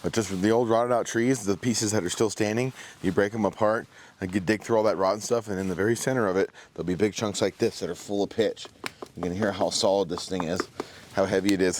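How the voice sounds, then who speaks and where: Low-voiced man chatting at a campsite. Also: a little hiss or hum. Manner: relaxed, chatty, talks to the viewers. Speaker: outdoor vlog host. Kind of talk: casual vlog narration. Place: outdoors at a forest campsite by a fire.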